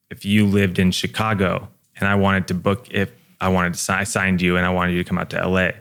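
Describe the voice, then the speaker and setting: A man's voice: deep voice, fairly bright tone. A young man, a guest, chatting casually on a podcast in a laid-back, profane way full of fillers.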